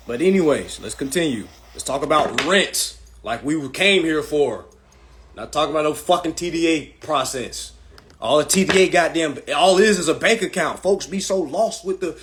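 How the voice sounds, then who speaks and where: A man's voice: a little high, expressive, moderate pace, a bit bright. A man hosting a live stream, answering viewers' questions from chat in a blunt, profane, ranting way while promoting his class. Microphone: phone.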